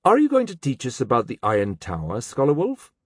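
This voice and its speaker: A man's voice: mid-range voice, wildly swooping pitch, fairly quick, breathy edge, no echo, studio quality. A man voicing a poised, bold young female student in an audiobook, direct and composed. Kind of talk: audiobook character voice.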